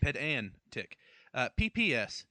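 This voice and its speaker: A man co-hosting a casual comedy podcast, teasing his partner with quick jokey quips. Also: mid-range voice, very animated, pushed and bright, dry recording. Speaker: podcast co-host.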